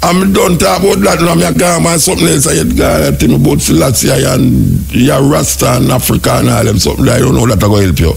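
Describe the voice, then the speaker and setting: A man's voice: mid-range voice, quick pace, vocal fry, hardly any pauses, faint music behind. A man with a Jamaican accent hosting a radio phone-in, lecturing in an exasperated, sing-song way. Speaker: radio host.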